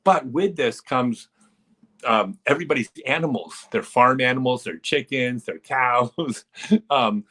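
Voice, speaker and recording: A man with a mid-range voice hosts a relaxed live stream, spinning long stories with plenty of energy. He often breaks into chuckles and acts out what people said. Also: mid-range voice, a little slow, slightly rough. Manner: animated storyteller who chuckles and acts out quotes. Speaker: live-stream host telling disc golf stories. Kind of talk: casual live-stream storytelling.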